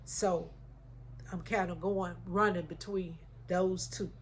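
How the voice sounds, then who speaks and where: A woman's voice: lowish voice, fairly even intonation, slow, a little hiss or hum. Heartfelt woman vlogging. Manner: heartfelt, addresses viewers as y'all. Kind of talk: emotional casual chat to viewers.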